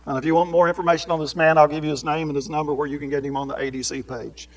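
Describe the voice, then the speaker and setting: A man teaching a Bible lesson in sermon style, swinging between raised, emphatic preaching and quiet asides, with many rhetorical questions to his listeners. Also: a little high, flat delivery, very fast, poor audio.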